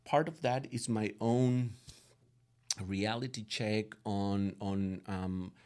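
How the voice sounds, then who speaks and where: A man's voice: fairly low pitch, fairly even intonation, slow pace, darkish tone, clear, resonant tone. A middle-aged man whose first language is not English, a guest chatting earnestly and rambling about raising his teenage sons, with many fillers and restarts. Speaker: guest, father of three teenage boys. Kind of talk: casual interview chat.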